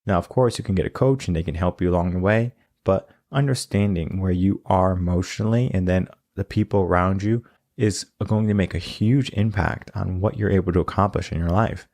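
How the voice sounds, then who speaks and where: A man with a deep, mellow voice hosts a coaching show, explaining ideas in a relaxed, conversational way and often adding "right?" to check in. The recording is dry and close, with no room sound. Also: brisk, no room sound. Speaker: coach and podcast host. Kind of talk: casual coaching talk.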